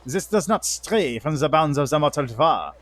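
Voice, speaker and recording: A man's voice: on the high side, sing-song, a little fast. A man voicing a solemn, ancient male angel herald in a mock French-tinged, old sci-fi style voice, reading game dialogue.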